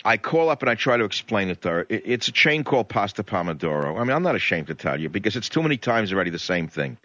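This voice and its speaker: A male talk radio host rants indignantly about a grievance, rushing through the story with very animated pitch leaps and a bright, forceful voice. The sound is dry with no room sound, a little dull like an old radio broadcast.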